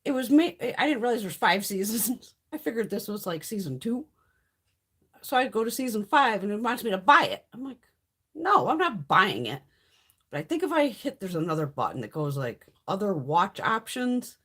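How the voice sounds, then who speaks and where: A woman's voice: medium pitch, moderate pace, husky. A middle-aged woman from Connecticut hosting a livestream, telling blunt, profanity-laced stories in casual chat while she is stuffy from a sinus infection. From Connecticut, USA. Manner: blunt, swears freely, lively storytelling. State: stuffy nose. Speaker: livestream host.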